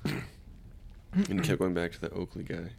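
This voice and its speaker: A man's voice: sits low, wildly swooping pitch, measured pace, vocal fry, a little mellow, husky. A man co-hosting a comedy podcast in casual chat, laid-back, with dry remarks. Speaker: podcast co-host.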